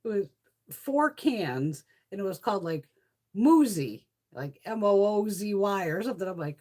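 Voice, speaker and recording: A woman's voice: mid-range voice, normal speed. A middle-aged woman chatting casually on her vlog, telling stories with lots of swearing and laughter. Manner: swears freely, laughs often, animated storytelling. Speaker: beauty vlogger. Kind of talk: casual chit-chat.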